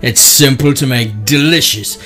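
A man's voice: mid-range voice, normal speed, bright, forceful tone, faint music behind. A man playing a chirpy cookery-show host in a comedy sketch. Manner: mock-chirpy TV presenter.

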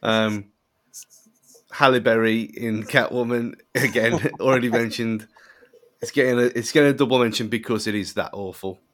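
A man in casual podcast chat, easygoing and quick to laugh. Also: medium pitch, steady tone.

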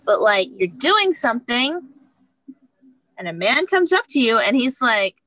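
Bright-voiced woman telling a story. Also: on the high side, very animated, unhurried, no room sound. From United States. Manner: candid, laughing, acts out dialogue. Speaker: podcast guest. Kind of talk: casual storytelling.

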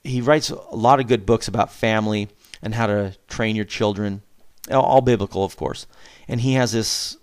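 A man in his forties giving casual parenting advice as a father, animated, chuckling often and jumping up in pitch on questions. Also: normal speed, smooth. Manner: animated, acts out back-and-forth with his kids, chuckles often; pitch jumps up sharply on questions and emphasis.

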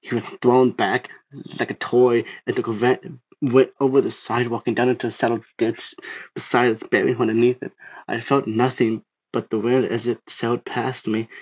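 Gravelly man reading a creepypasta. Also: mid-range voice. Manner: steady reading with some stumbles and restarts. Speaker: narrator. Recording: tinny phone-like sound.

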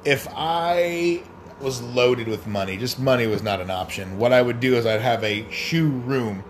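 A man's voice: medium pitch, measured pace, slight background noise. Crude rambling podcast man. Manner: crude, rambling, swears a lot. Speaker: podcast host. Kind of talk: casual solo podcast rant.

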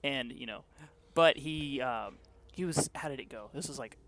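A man's voice: mid-range voice, moderate pace, fairly bright tone, a little hiss or hum. A man co-hosting a casual podcast, rambling through a story with lots of fillers. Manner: rambling, full of "like" and restarts. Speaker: podcast co-host. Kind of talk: casual chat.

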